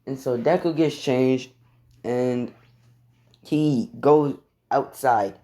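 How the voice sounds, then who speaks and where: A man's voice: medium pitch, drawn-out words, pauses often, warm tone. Brief: casual male storyteller, rambling, profane, laid-back delivery. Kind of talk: casual fan-fiction storytelling.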